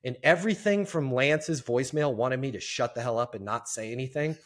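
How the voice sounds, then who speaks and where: Animated male storyteller, mid-pitched. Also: fairly quick. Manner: animated storyteller, acts out quotes. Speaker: podcast guest, sales entrepreneur. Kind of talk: storytelling interview.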